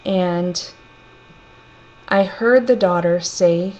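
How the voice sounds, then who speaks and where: A woman telling a personal story in a gentle, reflective, unhurried way. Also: lowish voice. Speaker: storyteller sharing a personal testimony. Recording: dull lo-fi recording with faint hum.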